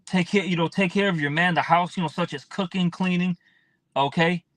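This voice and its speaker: High-pitched male street-style preacher, blunt and profane, dry recording. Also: a bit bright, no room sound. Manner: blunt, profane, drawn-out, fills with "man". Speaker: scripture teacher. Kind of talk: casual preaching with scripture reading.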